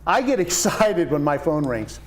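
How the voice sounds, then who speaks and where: A man in his sixties, a painting business owner, chatting as a guest and telling lively stories with quoted voices. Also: on the high side, moderate pace. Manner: enthusiastic storyteller, animated quoted voices. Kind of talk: casual interview chat.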